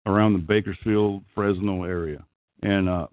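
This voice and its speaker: A man's voice: low-pitched, fairly even intonation, normal speed, dry recording. Profane middle-aged Okie man on a call line. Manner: crude, profane, rambling. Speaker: call-in show host. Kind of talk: casual call-in chat. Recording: tinny phone-like call line.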